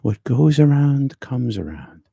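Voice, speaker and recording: A man hosting a spiritual livestream, speaking slowly and repetitively with gentle emphasis. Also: medium pitch, big pitch swings, no echo, studio quality. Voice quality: gravelly, husky. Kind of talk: meditative live-stream talk.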